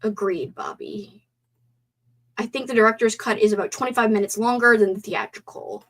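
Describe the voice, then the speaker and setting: A young woman hosting a casual live stream movie talk, animated, swearing and gasping as she reads out chat comments. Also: on the high side, fast talker.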